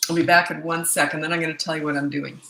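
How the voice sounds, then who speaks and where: A woman's voice: sits low, flat delivery, fast, creaky, noisy background. A middle-aged woman from Canada, a tired parenting coach chatting casually with viewers on a livestream and reading out their comments. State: tired, low energy. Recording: echoey room.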